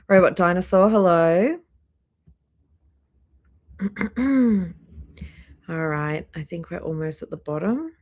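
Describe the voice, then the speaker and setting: A woman hosting a casual live stream, chatty and greeting viewers by name one after another, a little hoarse, talking into a laptop microphone indoors. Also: mid-range voice. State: slightly hoarse, clearing throat. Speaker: livestream host. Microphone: laptop microphone near trackpad.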